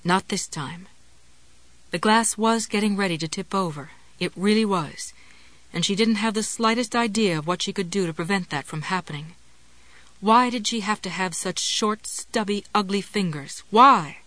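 A woman's voice: medium pitch, normal speed, a bit bright, no room sound. A woman narrating, dry and close. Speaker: audiobook narrator. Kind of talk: scripted narration.

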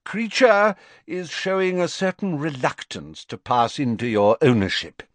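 A man's voice: on the high side, animated, no room sound, voice pushed up. Man doing a shrewd, courteous old wizard. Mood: measured. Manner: measured, courteous, cheerful. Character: calm, shrewd old male headmaster wizard. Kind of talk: audiobook character voice.

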